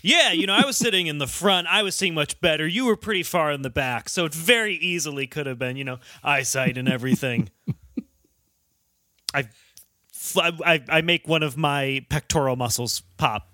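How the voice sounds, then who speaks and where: Bright, playful young-sounding male player. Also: a little high, normal speed, no room sound, clean studio sound. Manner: laughing, playful. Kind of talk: tabletop game play, casual chat.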